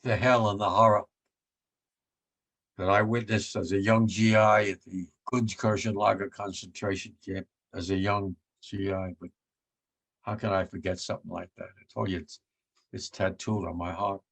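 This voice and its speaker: A man's voice: low voice, flat delivery, normal speed, fairly bright tone. A man in his nineties giving a blunt remembrance talk as a war veteran, repeating his points with rising force. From United States. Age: 90s.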